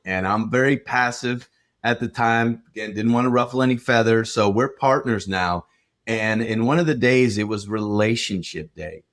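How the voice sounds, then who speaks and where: A man co-hosting a relationship podcast, recounting a personal story in a steady, measured way. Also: on the low side. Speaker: relationship coach and podcast co-host.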